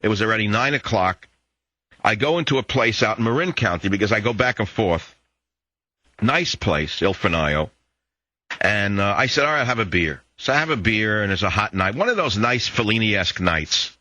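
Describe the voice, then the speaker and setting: Combative male talk radio host, bright voice. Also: on the low side, animated, moderate pace, no echo. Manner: combative, lecturing, tells jokes. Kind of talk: political talk radio monologue.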